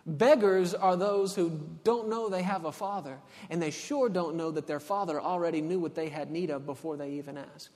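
A man with a high voice preaches to a congregation in a big hall, and long reverb trails after every line. He moves between hushed, intimate passages and loud, emphatic ones. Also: moderate pace, few pauses. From Texas. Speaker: pastor. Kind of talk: sermon.

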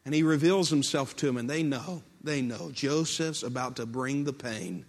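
A man's voice: medium pitch, lively intonation, moderate pace. A man preaching a sermon in a storytelling way, acting out quoted speech and building to impassioned peaks. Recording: long hall reverb.

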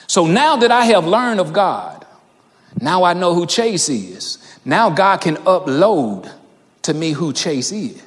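Pastor guy telling a story from the pulpit, pretty high voice, long echo around him. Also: sing-song, a little slow. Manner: storytelling preacher, rising to fervent emphasis. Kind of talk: sermon.

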